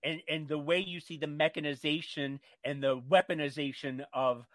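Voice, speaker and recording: A man co-hosting a radio talk show, telling gossipy, catty stories in an animated way. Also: fairly high pitch, normal speed, dry recording. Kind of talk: casual talk radio chat.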